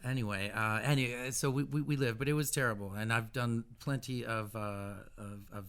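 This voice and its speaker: A man's voice: mid-range voice, steady tone, normal speed, a bit bright, clear, resonant tone. A man in his fifties, a guest musician in a casual radio interview, who rambles through stories with many false starts and restarts.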